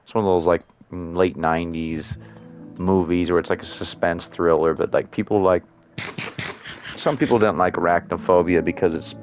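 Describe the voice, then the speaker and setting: A man's voice: sits low, steady tone, normal speed, darkish tone, soft background music. A man rambling through casual gameplay commentary, full of "like" and mild swearing. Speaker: gaming streamer.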